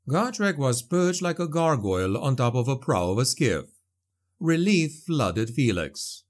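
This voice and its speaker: A man reading a grim fantasy story aloud as a storyteller, with dramatic scripted narration. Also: unhurried. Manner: dramatic storytelling with a lively, animated pitch. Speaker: audiobook narrator.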